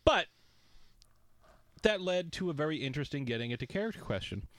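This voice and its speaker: A man's voice: fairly high pitch, big pitch swings, fairly quick, a bit bright, no room sound. A man co-hosting a podcast, talking in a playful, joking, rambling way. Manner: playful, jokey, rambling asides. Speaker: podcast co-host. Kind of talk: casual podcast banter.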